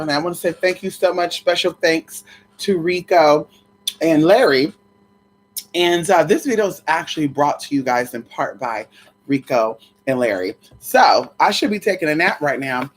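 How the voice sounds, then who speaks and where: A livestream host in casual live chat, sassy and chatty, greeting viewers one by one and swearing freely. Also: mid-range voice.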